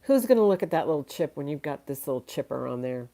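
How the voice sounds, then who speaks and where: A woman's voice: sits low, sing-song, quick pace, dark tone. A woman running a casual live-stream auction, chatty and thinking aloud, laughing often and a little tired. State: tired, yawning.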